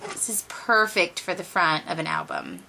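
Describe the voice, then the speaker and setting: A young woman vlogger gushing quickly through a craft-supply unboxing, giddy and talkative after extra coffee. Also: fairly low pitch, wildly swooping pitch, creaky, bright, forceful tone, slight background noise. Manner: gushing, fast, over-caffeinated. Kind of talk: excited unboxing chat.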